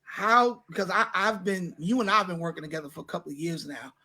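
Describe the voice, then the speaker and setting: Give me a pastor hosting a lively online talk show. He's a man with a high, ringing voice and a sharp, forward tone. He introduces guests with enthusiastic praise and casual slang. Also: fast.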